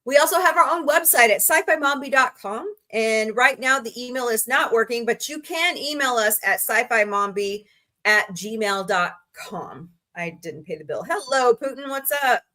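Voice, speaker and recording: A woman's voice: fairly high pitch, lively intonation, normal speed, sharp tone. A woman from Missouri hosting a casual live stream, chatty and rambling with frank asides to her viewers. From Missouri, USA. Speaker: livestream host.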